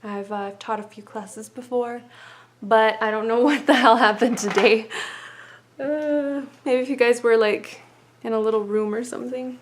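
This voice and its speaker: A woman's voice: on the high side, steady tone, moderate pace, a little hiss or hum. A woman giving a casual hair-wrapping tutorial, chatty and rambling, a little winded with a stuffy nose, muttering to herself as she works.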